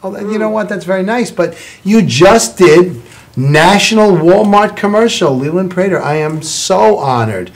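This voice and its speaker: Man, talk show host, effusive, rambling, praising guests, studio, slightly high voice. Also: lively intonation, moderate pace, vocal fry. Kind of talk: chatty studio interview. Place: television studio.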